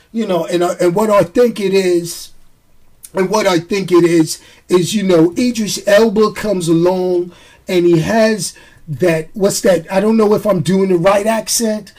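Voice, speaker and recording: A man giving a casual, jokey movie review. He acts out the fight scenes with his own sound effects. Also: sits high.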